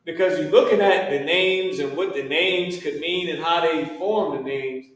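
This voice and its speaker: A man's voice: fairly high pitch, moderate pace, a bit bright. Give me a man teaching a class in a casual, slangy way, recorded far off in a very echoey room. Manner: casual, repeats and restarts, slangy.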